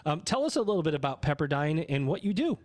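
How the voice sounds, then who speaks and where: This education podcast host talks fast in a high-leaning, sing-song, slightly mellow voice. His casual intro and interview are rambling and chatty, full of mid-sentence self-corrections.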